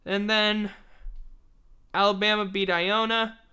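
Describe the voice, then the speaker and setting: A man's voice: high-pitched, flat delivery, slow, bright, forceful tone, smooth. A man hosting a casual sports recap, blunt and sarcastic, tired and yawning. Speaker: host of a sports podcast.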